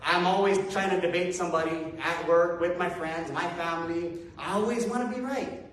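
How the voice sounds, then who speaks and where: Male preacher, high register, loose and self-mocking, heard far off in a very echoey hall. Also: normal speed, a bit bright, a little hiss or hum. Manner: casual, self-deprecating, chuckling asides. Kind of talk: conversational sermon. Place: church hall with a congregation.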